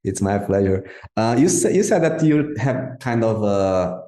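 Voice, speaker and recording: Lower-voiced man, halting learner's English, roomy echo. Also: sing-song, dark tone. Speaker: podcast host, interviewer. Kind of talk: casual interview chat.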